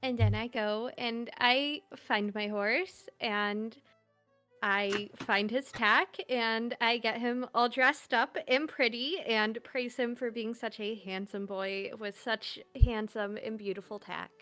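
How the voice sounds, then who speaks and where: Slow, giggly woman player. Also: on the high side, steady tone, sharp tone, smooth, soft background music. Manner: slow, thoughtful, many fillers, giggly. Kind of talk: describing her character in a tabletop game.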